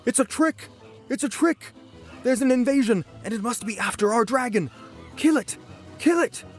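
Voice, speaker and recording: A man voicing a furious mob of jungle animals, shouting shrilly. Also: very high-pitched, expressive, normal speed, soft background music, voice pushed up.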